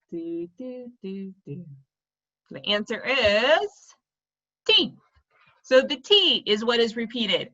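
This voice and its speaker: A woman's voice: on the high side, sharp tone, muffled recording. A woman teaching a lesson for children, speaking playfully and laughing at herself when she stumbles over tongue twisters. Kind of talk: video lesson for kids.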